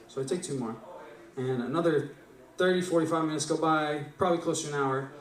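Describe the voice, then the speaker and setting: A man's voice: fairly high pitch, fairly quick. A young man at an open mic, rambling through a profane story and often tagging lines with "right?". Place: small live venue stage. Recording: echoey room, distant mic.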